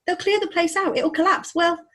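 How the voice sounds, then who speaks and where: A woman's voice: extremely high pitch, fairly even intonation, normal speed, fairly bright tone, pitched above the performer's own voice. A woman voicing a nervous, curious young boy in a storybook reading. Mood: eager.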